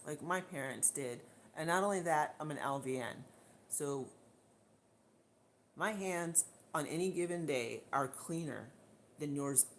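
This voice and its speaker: A woman's voice: low-pitched, slight background noise. Indignant woman ranting on a livestream. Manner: indignant, blunt, repeats herself. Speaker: livestream host. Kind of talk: casual live rant to camera. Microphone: camera mic.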